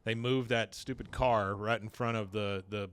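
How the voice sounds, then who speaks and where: A man co-hosting a podcast, casually retelling a cartoon episode and jumping into quick voices for the characters. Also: lowish voice, clear, resonant tone, no room sound. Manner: animated, acts out characters' lines in quick put-on voices. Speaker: podcast co-host recapping an episode.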